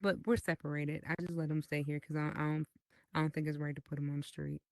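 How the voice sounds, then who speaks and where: A woman in her thirties, a podcast guest in casual chat, telling stories in an animated, profane way. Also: deep voice, quick pace, no room sound, studio quality.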